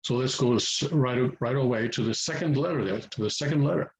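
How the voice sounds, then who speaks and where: A man's voice: medium pitch, brisk, noisy background. Man teaching with many restarts. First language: English. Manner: repeats words, many fillers and restarts. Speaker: language teacher. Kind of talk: explaining at a whiteboard-style lesson.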